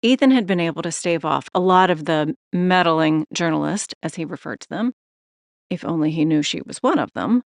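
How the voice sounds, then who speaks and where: A woman reads an audiobook narration in a steady, measured way. Her voice sits on the low side, recorded close and dry with no room sound at all. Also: vocal fry, no room sound. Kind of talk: scripted narration.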